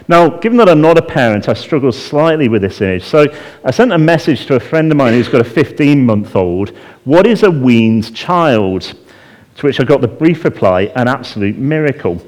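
A man preaching a sermon, animated, acting out a crying child in a high voice and dropping to a hush on calming words. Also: moderate pace. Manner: drops to a hushed voice on calming phrases.

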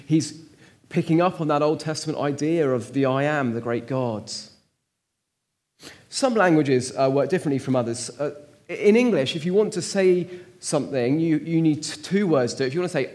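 A man's voice: mid-range voice, darkish tone. Emphatic male preacher. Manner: emphatic, rising and falling for stress. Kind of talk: sermon.

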